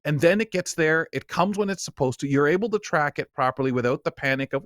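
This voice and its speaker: Animated male talk show host, dry sound. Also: on the high side, fast, hardly any pauses, no room sound. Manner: animated, acts out quoted voices. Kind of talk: casual studio chat. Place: tv studio.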